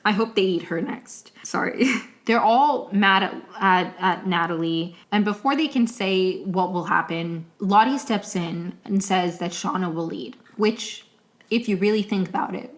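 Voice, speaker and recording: A woman's voice: mid-range voice, a little slow. A young woman hosting her own podcast, recapping a TV episode in a casual, emotional, rambling way with many restarts. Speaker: podcast host.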